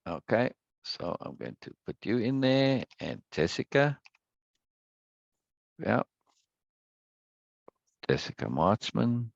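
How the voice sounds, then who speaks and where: A man hosting a live stream and chatting casually with viewers. He rambles, repeats words and greets people warmly. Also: lowish voice, sing-song, slow, vocal fry, long pauses, no echo, highs cut off. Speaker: livestream host.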